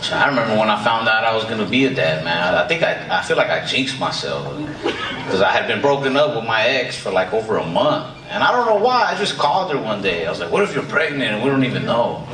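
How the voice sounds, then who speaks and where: A young man doing stand-up with a halting, self-deprecating delivery that keeps restarting sentences. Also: on the low side, sing-song. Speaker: stand-up comedian. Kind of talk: stand-up comedy set. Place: comedy stage before a live audience. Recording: distant echoey room with loud noise.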